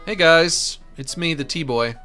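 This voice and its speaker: A man's voice: a little high, takes it slowly, pushed and bright, faint music behind. A young man giving casual, sarcastic commentary while playing a video game, joking around and reading the text aloud.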